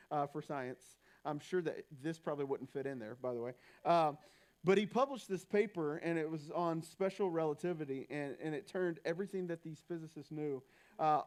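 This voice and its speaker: A young man preaching a sermon in a church, talking in a loose, conversational way with frequent restarts. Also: fairly high pitch. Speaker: pastor.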